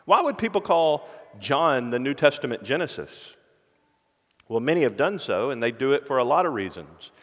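A man preaching from the pulpit at a middle pitch, earnest and deliberate. He often sinks to a hushed, intense tone to press a point home. His voice rings with a long, spacious reverb. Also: big pitch swings. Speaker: pastor. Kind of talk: sermon.

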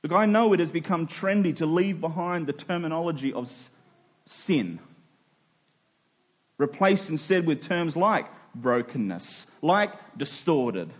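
Male pastor, sermon, high-pitched voice, emphatic, slows for emphasis. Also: animated. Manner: emphatic, slows down to stress key words.

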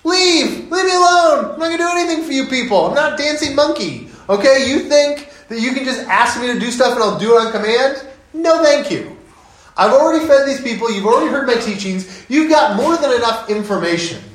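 A man's voice: extremely high pitch, lively intonation, fairly quick, fairly bright tone, roomy sound, voice pushed up, low-quality recording. A man voicing an exasperated Jesus in a comic, indignant rant.

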